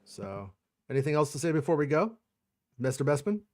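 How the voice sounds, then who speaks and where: A man's voice: fairly high pitch, big pitch swings, brisk, a little mellow. A man hosting a casual livestream chat, rambling and cursing, with frequent restarts. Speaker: podcast host.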